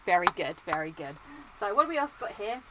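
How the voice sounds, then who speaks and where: A young woman from Britain chatting casually and excitably, looking through old belongings and coughing now and then from dust. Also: mid-range voice, fast, slight background noise, rough recording. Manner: chatty, excitable, sings entrance themes. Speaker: vlogger. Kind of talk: casual chat.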